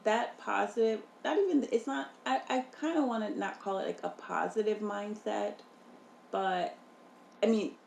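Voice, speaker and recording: Gravelly woman in a roomy space. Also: mid-range voice, normal speed, darkish tone, slight background noise. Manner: thoughtful, searching for words with many restarts. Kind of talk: conversational podcast interview. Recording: roomy echo with faint ambience.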